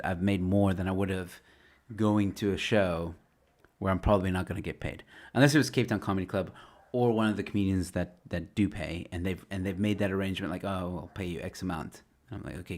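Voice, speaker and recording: A man's voice: low voice, darkish tone. A man, a stand-up comedian, chatting casually on a home livestream, rambling with lots of fillers and restarts. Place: his home. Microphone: webcam or desk mic at home.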